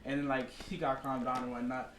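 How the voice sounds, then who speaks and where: A man co-hosts a sports podcast in a relaxed, easygoing voice at a middle pitch. He tells stories loosely, with lots of casual slang. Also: a little fast, roomy sound, a little hiss or hum. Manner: laid-back, says "bro" often. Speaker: podcast co-host.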